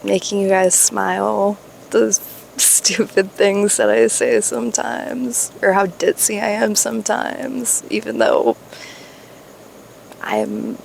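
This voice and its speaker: A young woman talking candidly to her viewers in a vlog, musing slowly, laughing and swearing casually. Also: mid-range voice, big pitch swings, creaky, slight background noise. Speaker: spiritual YouTuber.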